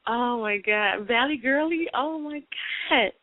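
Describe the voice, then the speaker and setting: A woman's voice: on the high side, measured pace. Laughing woman co-host on tinny audio. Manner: laughs often, playful protesting. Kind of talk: casual banter on a podcast. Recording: tinny lo-fi phone-like sound.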